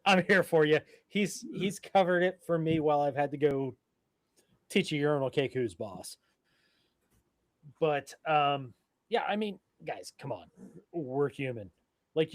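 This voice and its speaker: A man's voice: a little high, measured pace, dry recording. A man co-hosting a casual live drinking stream, rambling and swearing, a little drunk and burping between thoughts. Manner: rambling, profane, loose and tipsy. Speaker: co-host of a live beer-tasting stream.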